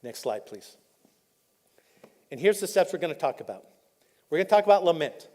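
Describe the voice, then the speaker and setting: A man pastor, preaching a candid, personal sermon that drops soft and choked up when he is moved. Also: on the high side, big pitch swings, normal speed. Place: church auditorium. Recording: live in a reverberant church hall.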